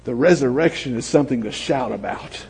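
A man preaching a sermon as pastor, swinging from shouts down to hushed storytelling. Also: medium pitch, a little fast, gravelly, husky. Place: church sanctuary. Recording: long hall reverb.

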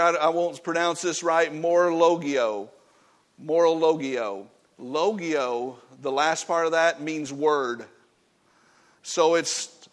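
In a church, a pastor delivers a sermon to his congregation in a fairly high voice, emphatic and folksy. He alternates between loud, driving points and quiet, stern asides.

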